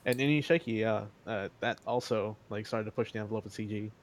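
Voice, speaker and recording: Male podcast co-host, steady mid voice, measured explainer. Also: on the low side. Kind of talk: casual chat.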